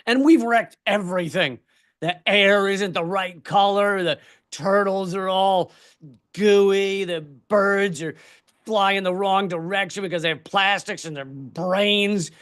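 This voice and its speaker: A man comedian delivering a profane, animated stand-up rant. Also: high-pitched, takes it slowly, smooth. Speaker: comedian streamer.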